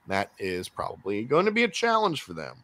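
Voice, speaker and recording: Animated man hosting sports picks chat. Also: lowish voice, a little fast. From Miami Dolphins fan. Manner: animated, swings between loud and muttered. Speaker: podcast host.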